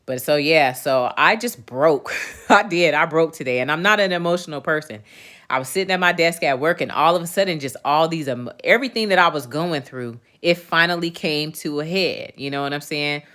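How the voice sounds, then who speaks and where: A woman's voice: low voice, brisk, fairly bright tone. A woman in her forties talking casually to her livestream viewers, venting in a candid and emphatic way, with plenty of swearing. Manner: talks straight to viewers, often asks "you know what I'm saying". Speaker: livestream host.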